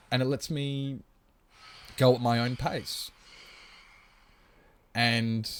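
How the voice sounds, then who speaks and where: A man livestreaming a game, talking casually and at length while answering his chat. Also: medium pitch. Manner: rambling, chatty, explains at length; reads and answers chat comments.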